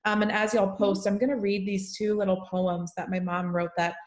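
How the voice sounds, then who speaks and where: A young woman hosting a live stream, talking with a warm, tender softness. She lingers over the lines of poems she reads aloud. Her voice carries in a roomy, echoing space. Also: medium pitch, little pitch movement, moderate pace. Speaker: host. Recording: echoey room.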